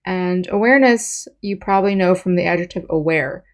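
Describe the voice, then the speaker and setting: Lower-voiced woman teaching English vocabulary. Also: fairly quick. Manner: patient, explains step by step with examples. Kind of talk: vocabulary lesson.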